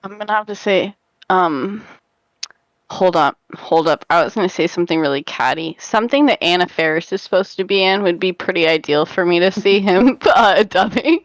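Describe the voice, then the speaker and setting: A woman's voice: lowish voice, normal speed, no room sound, low-quality recording. A young woman co-hosting a casual livestream, giggling often and describing herself as chaotic. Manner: giggly, chaotic, self-mocking. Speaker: stream co-host.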